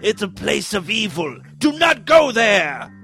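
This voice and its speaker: A man voicing a stern old male village headman who warns loudly, with an odd put-on foreign accent. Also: high voice, very animated, measured pace, faint music behind, voice pushed up, heavily acted. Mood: stern warning. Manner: warning, raising voice to a shout.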